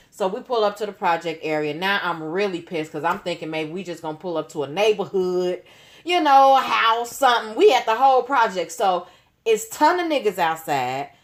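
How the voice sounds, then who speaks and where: Slangy woman telling a story. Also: on the low side. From Chicago. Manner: animated, slangy, leans on "you know what I'm saying". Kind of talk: casual storytime.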